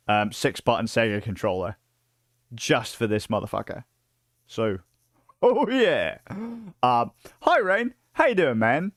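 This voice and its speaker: Recorded close and dry with no room around him, a British man in his late thirties speaks at a normal middle pitch. His livestream talk is loose, rambling chat full of profanity, fillers and restarts, and he gets excitable when telling stories.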